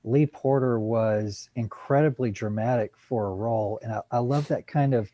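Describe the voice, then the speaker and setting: A man's voice: medium pitch, normal speed, mellow, dry recording, lo-fi sound. A man who organized a mock trial, giving chatty, enthusiastic feedback with many fillers over a video call. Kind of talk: casual praise and feedback.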